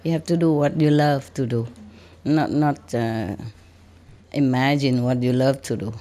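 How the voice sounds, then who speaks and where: A woman's voice: very deep voice, a little slow, mellow. A woman spiritual teacher giving casual advice, often laughing and teasing, in broken English.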